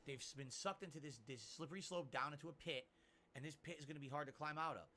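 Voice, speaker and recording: A man's voice: on the high side, fast, pushed and bright. A middle-aged man streaming live, chatting casually and reading out viewer tips in a rambling, emphatic way. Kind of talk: casual livestream talk.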